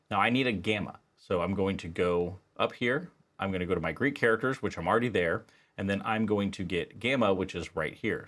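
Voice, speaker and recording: Low-voiced man teaching equation software. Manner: casual, explains step by step with fillers. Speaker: statistics instructor. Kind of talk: screen-recorded software tutorial.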